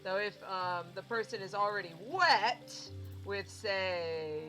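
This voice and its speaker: A woman's voice: medium pitch, slow, bright, forceful tone, faint music behind, poor audio. A woman streaming a game, chatting casually, laughing at herself, and reading ability tooltips aloud with small stumbles. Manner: self-deprecating, giggly, reads tooltips aloud with stumbles.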